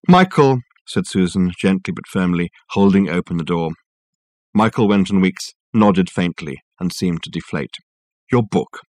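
Low male voice, measured storytelling, dry studio sound, audiobook narration. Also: no room sound. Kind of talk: scripted narration.

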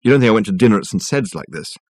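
A man voicing a brisk, sharp-tongued young woman who speaks in a dry, teasing, exasperated way. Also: on the low side, lively intonation, husky, no echo. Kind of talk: audiobook character voice.

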